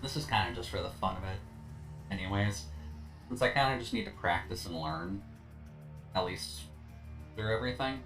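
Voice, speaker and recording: Man, game streamer, tired and a bit slurred, low voice, lively up-and-down pitch. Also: moderate pace, pauses often, over music. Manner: laid-back, rambling, many fillers. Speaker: streamer playing a video game. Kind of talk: casual gameplay commentary.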